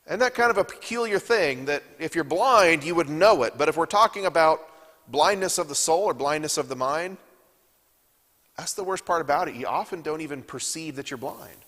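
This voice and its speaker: A man's voice: fairly high pitch, animated, moderate pace, fairly bright tone, in a large hall. Man teaching a Bible class. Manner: reads scripture aloud and asks the class questions. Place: church classroom.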